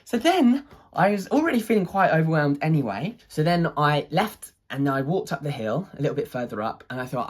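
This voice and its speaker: An artist telling a personal story in a casual, rambling way, full of fillers and restarts, with an excitable, wondering tone. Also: mid-range voice, fairly quick, husky.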